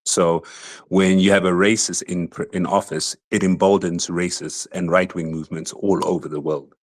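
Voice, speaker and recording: A man's voice: low-pitched, little pitch movement, normal speed, dry recording. A man calling in to a talk show, arguing in an accusatory, needling way. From South Africa. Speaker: caller. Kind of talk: heated call-in argument.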